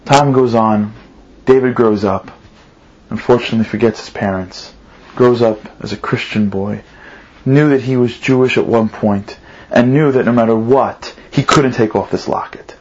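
A man's voice: mid-range voice, fairly even intonation, moderate pace, darkish tone, slightly rough. A man giving a religious talk and telling a story, earnest, asking questions and lifting his voice for emphasis. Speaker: religious speaker. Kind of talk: sermon with storytelling. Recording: slightly muffled recording.

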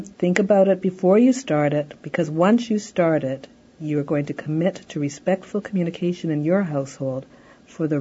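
Soft mellow lady explaining parenting steps, chatty, kinda muffled tape sound. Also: low voice, breathy edge. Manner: explanatory, conversational, fills with "you know". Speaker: parenting educator. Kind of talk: recorded lecture.

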